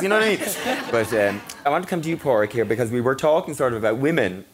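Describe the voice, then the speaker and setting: A man's voice: medium pitch, lively intonation, racing, few pauses, crowd noise. An Irish man hosting a live panel talk, chatty and laughing often. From Ireland. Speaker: host. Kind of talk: casual panel chat.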